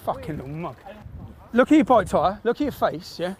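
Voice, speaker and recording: A man's voice: sits high, sing-song, a little fast, a little mellow, slight background noise. An angry man, swearing and repeating himself, confronting someone outdoors in a car park, filmed on a handheld camera phone. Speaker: confronting a passer-by. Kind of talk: heated street confrontation.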